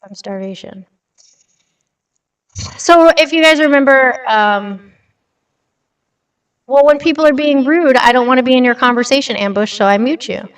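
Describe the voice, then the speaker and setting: A young woman with a higher, smooth and clear voice hosts a casual livestream. She is blunt and chatty and swears now and then. She sits a little back from the mic, and a light reverb hangs on her voice. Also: normal speed, pauses often. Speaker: livestream host. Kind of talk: casual livestream chat reading news. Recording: slightly distant with light reverb.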